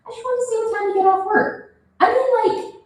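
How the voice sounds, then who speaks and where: A woman's voice: extremely high pitch, fairly even intonation, brisk, pitched above the performer's own voice. A woman voicing an awkward young male customer who stammers nervously. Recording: roomy, from a distance.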